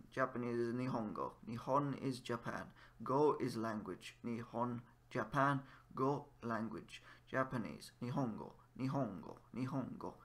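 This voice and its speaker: A man giving a casual spoken language lesson while playing a game, patiently repeating each word slowly for the learner. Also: medium pitch. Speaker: language teacher in a game video.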